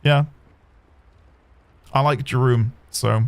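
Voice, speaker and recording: A man's voice: mid-range voice, steady tone, slow, vocal fry, no echo. A man streaming a video game, chatting casually and rambling to his viewers. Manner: chatty, rambling, talks to chat.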